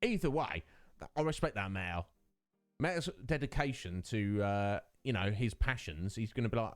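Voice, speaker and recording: A man's voice: fairly low pitch, expressive, moderate pace, no echo, faint music behind. A man hosting his own stream, chatting casually with viewers, greeting them by name and laughing often. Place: home streaming setup.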